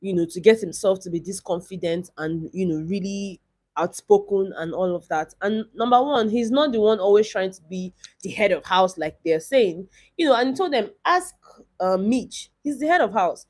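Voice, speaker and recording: A woman's voice: mid-range voice, expressive, normal speed, darkish tone. A young woman, chatting casually in a vlog as she recaps a reality show, rambling and retelling scenes.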